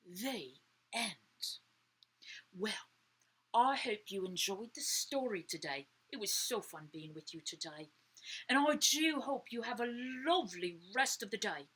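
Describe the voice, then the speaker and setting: A woman reading a story aloud to children, animated, often dropping to a whisper to ask the listener questions. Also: medium pitch, measured pace, breathy edge, low-quality recording.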